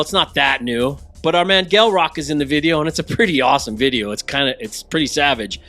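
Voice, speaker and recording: A man's voice: a little high, fairly bright tone. A man co-hosting a casual podcast, rambling, often losing his train of thought and laughing at himself. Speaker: podcast co-host. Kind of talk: casual chat.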